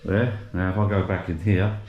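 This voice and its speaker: A man's voice: low voice, level tone, moderate pace, lo-fi sound. A man walking and talking out of breath, chatting casually as he shows a renovation on a handheld camera. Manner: chatty, rambling, with restarts. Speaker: vlogger showing a renovation. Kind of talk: casual walk-and-talk vlog. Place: outdoors walking, then inside a building site.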